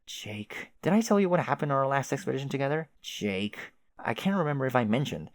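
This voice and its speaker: A man's voice: medium pitch, sing-song, brisk, no echo. A man voicing a chatty, oblivious young male adventurer who rambles with old-fashioned folksy exclamations. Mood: rambling.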